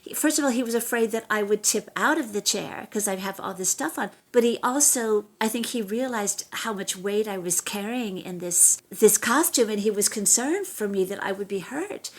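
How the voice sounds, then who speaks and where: A middle-aged actress chatting as an interview guest, telling animated stories and often restarting her sentences. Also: mid-range voice, moderate pace, hardly any pauses. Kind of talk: casual interview chat.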